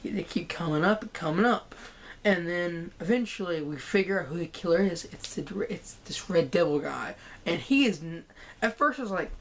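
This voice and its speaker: A woman vlogging a casual, excited TV show review, rambling and repeating herself. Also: lowish voice, moderate pace. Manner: enthusiastic, rambling, repeats "guys" and "freaking".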